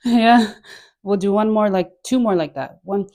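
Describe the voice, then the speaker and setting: A woman's voice: medium pitch, measured pace, darkish tone. A woman leading a guided dance class, chatty and encouraging, laughing often and filling her talk with "like". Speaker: dance instructor.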